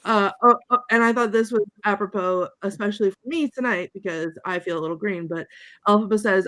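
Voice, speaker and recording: A woman chatting on a panel, reading favorite lines aloud with little laughs in between. Her voice sits at an ordinary pitch. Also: brisk, fairly bright tone. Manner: reads quotes aloud with laughs. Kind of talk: casual chat, reading quotes.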